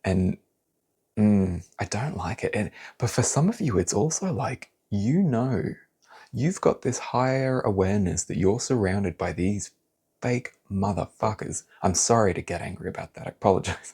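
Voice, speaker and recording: A man doing a pick-a-card tarot reading, talking in a blunt, animated, casual way and swearing now and then. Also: lowish voice, moderate pace, husky.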